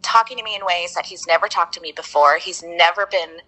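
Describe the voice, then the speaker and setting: A woman's voice: lowish voice, brisk, sharp tone, poor audio. A woman guest telling her story in a casual interview, rambling with many restarts. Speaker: client, guest.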